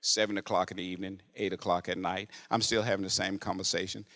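A male preacher telling a story in a sermon, dropping to a hush, then rising to loud, animated exclamations. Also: low-pitched, quick pace. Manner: animated, swinging from hushed narration to loud exclamations.

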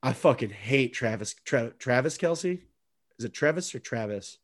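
A man's voice: mid-range voice, expressive, moderate pace. A man co-hosting a casual sports podcast, joking sarcastically and swearing freely. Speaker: podcast co-host.

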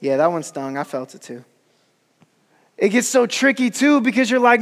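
A man's voice: extremely high pitch, sing-song, normal speed, pauses often, fairly bright tone. A man preaching a sermon in a casual, slangy, earnest way. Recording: long hall reverb.

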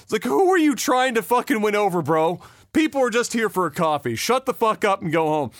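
Man, high voice, dry close mic, profane animated rant. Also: fairly quick, dry recording. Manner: profane, animated ranting with mocking impressions. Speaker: podcast co-host. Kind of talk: casual ranting chat.

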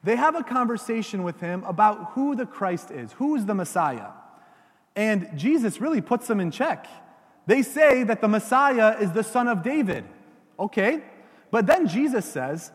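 A male preacher giving a homily to children and parents in a church, animated and often asking the congregation questions. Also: high voice, unhurried, in a large hall.

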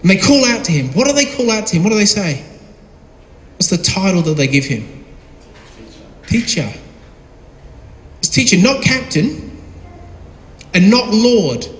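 High-pitched guy preaching, lots of questions to the crowd, roomy echoey hall. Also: big pitch swings, moderate pace, pauses often. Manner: asks the audience questions and acts out voices in quotes. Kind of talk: sermon. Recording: echoey hall with long reverb, faint ambience.

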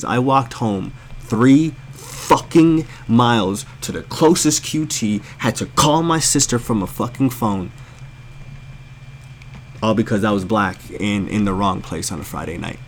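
Speaking in a fairly low voice at an unhurried pace, a man from the United States rants to the camera, telling a story bluntly, angrily, and with plenty of swearing. There's slight background noise.

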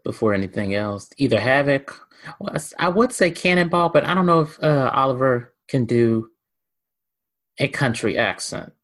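A man co-hosting a casual fan podcast, relaxed and hesitant, with frequent fillers. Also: mid-range voice, normal speed. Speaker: podcast co-host.

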